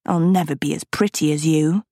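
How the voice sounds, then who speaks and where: A woman reading an audiobook, voicing a gruff, bitter teenage girl with curt, grumpy replies. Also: deep voice, fairly even intonation, moderate pace, dark tone, dry recording, studio quality. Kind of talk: audiobook character voice.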